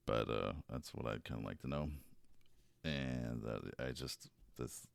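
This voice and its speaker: A man hosting his own show, talking casually in a rambling, halting way with restarts. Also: rumbling low, creaky, clean tone, no room sound. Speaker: podcast host. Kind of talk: casual solo commentary.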